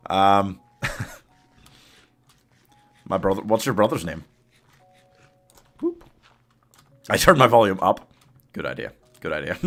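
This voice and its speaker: A man's voice: fairly low pitch, a bit bright. A man streaming a game live, chatting casually with his chat, laughing often and coaxing his companion along. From United Kingdom.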